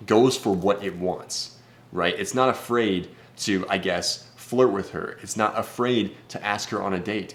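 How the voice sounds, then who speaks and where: A man's voice: sits low, a bit bright. A man speaking as a dating coach in a casual vlog, brash, blunt and profane. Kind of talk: casual vlog advice talk.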